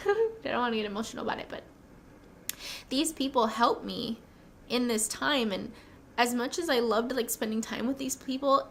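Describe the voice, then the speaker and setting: A young woman telling her personal story in a casual vlog, rambling and excitable, with many "like"s. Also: on the high side, gravelly, a little hiss or hum. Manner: rambling, excitable, says "like" often. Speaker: new nurse vlogger.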